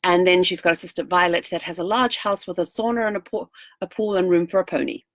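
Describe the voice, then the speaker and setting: A woman's voice: lowish voice, fast talker, a bit bright, dry recording. A middle-aged woman chatting casually in a daily video diary, rambling and laughing easily. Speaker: vlogger.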